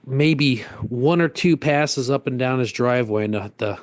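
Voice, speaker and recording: A man's voice: mid-range voice, moderate pace, dry recording. Rambling man telling a story. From Northeast United States. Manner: rambling, self-interrupting anecdote with acted-out quotes. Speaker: podcast co-host. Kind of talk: casual storytelling chat.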